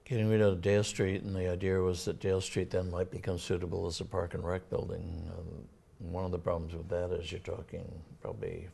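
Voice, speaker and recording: Older Massachusetts man, very low and flat, husky and gravelly; halting town official on local TV. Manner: halting, many fillers and restarts. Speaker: town administrator. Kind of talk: casual local TV interview.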